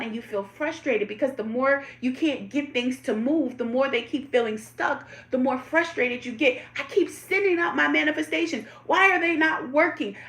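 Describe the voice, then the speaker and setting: A woman hosting a live tarot stream, asking her viewers reflective questions and greeting them by name. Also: mid-range voice. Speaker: tarot reader hosting a livestream. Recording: roomy echo.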